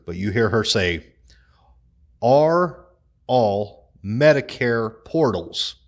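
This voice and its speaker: A grown man hosting a casual commentary vlog, swearing freely and laughing at his own crude jokes. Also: medium pitch. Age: adult. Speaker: vlog host.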